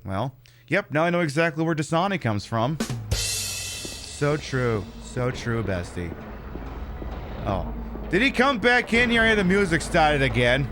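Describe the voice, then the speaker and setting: A man's voice: fairly high pitch, very animated, unhurried, long pauses, music in the background. A man streaming a video game, giving casual, rambling commentary full of sarcastic jokes and swearing.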